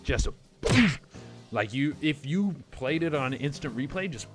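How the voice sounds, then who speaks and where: A man's voice: a little high, expressive, takes it slowly. A man hosting a comedy reaction show, riffing casually with rambling, profane jokes between clips. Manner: rambling, profane, jokey riffs. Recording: music playing behind.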